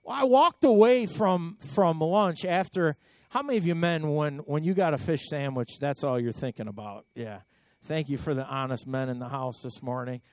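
A man's voice: on the high side, normal speed, a little mellow, no room sound. A man preaching a sermon in a conversational storytelling way, often repeating words and swelling into emphatic bursts. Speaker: pastor.

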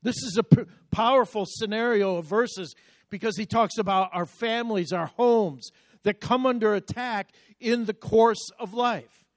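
A man with a notably high voice delivers a sermon as pastor. He preaches with emphasis and slows down deliberately when he reads scripture aloud. The sound is dry, with almost no room echo.

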